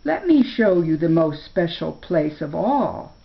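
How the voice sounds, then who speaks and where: A woman's voice: on the low side, big pitch swings, a little slow, gravelly, full character voice. An older woman voicing a lazy, vain, toothy male forest beast who talks in a languid, lordly way. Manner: languid, self-satisfied, lordly. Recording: dull lo-fi recording.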